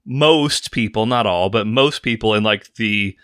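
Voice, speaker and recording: A man's voice: on the low side, a little slow, fairly bright tone, clear, resonant tone. A man from the US Pacific Northwest co-hosting a podcast in casual chat, teasing dryly and explaining things at length. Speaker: podcast co-host.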